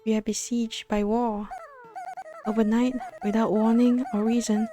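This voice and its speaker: A woman's voice: on the high side, level tone, measured pace, mellow, soft background music, close to an everyday voice. A woman voicing a gracious, worried cat queen in a game, formal and pleading.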